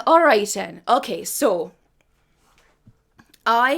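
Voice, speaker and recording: A woman's voice: sits high, very animated, extremely slow, pauses often, breathy edge. A woman hosting a live music stream, chatting casually between songs, rambling and swearing freely with self-mocking humor. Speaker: livestream host and singer.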